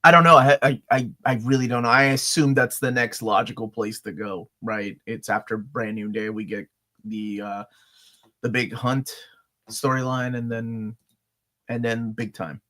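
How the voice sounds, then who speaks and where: A man's voice: mid-range voice, fairly even intonation, normal speed, bright, forceful tone. A man co-hosting a live comics Q&A, talking in a laid-back way and often saying "man" and "dude". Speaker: comics channel co-host. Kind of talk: casual live Q&A chat.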